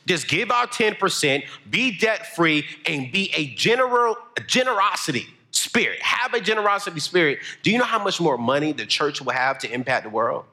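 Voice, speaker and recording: A young man delivers a motivational sermon, moving between storytelling and shouted emphasis. His voice is bright and forceful, and it swings widely and lively in pitch. It sits a little higher than most men's. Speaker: preacher.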